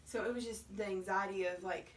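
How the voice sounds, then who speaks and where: This woman in her thirties, a mother and co-host, chats casually about her kids in a mid-range voice that moves briskly with fairly even intonation. She says "like" a lot and acts out quotes, and the distant mic picks up faint noise.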